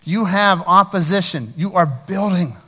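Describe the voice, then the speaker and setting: A man preaching a sermon to a congregation, animated, with big swings in loudness and slow, drawn-out emphasis on key words. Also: high voice, husky, in a large hall. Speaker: pastor.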